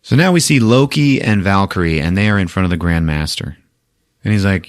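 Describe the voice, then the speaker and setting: A man's voice: low-pitched, expressive, fairly quick, no echo, clean studio sound. A man hosting a podcast, recapping a movie in a casual, profane way with frequent laughter. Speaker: podcast host.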